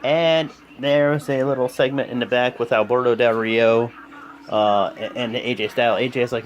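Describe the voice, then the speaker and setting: A man's voice: mid-range voice, normal speed, slight background noise. A young man giving a rambling, casual video recap of a wrestling show at home, full of fillers. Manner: rambling, animated, lots of fillers. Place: home room with a TV.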